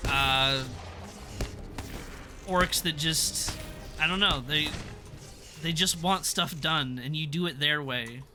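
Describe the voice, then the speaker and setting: Bright-voiced young man rambling casually. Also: on the high side, slow pace, pauses often, soft background music. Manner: rambling, self-interrupting, laughs often. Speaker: streamer reviewing a TV episode. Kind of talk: casual live-stream chat.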